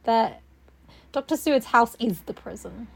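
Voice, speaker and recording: Woman, podcast co-host, chatty and sweary, slightly higher voice. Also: expressive, measured pace, vocal fry. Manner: chatty, swears, laughs often. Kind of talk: casual chat.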